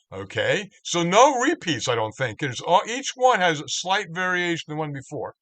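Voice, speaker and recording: A man, a cantorial spiritual leader, teaching a Torah study online in a slow, reflective way, restarting words as he reads out translations. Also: a little high, very animated, a bit bright.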